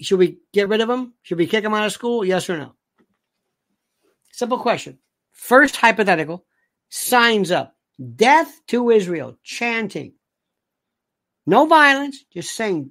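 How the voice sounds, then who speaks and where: A woman hosting a livestream, ranting animatedly and reading viewer comments aloud. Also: mid-range voice. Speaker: livestream host. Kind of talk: casual livestream monologue.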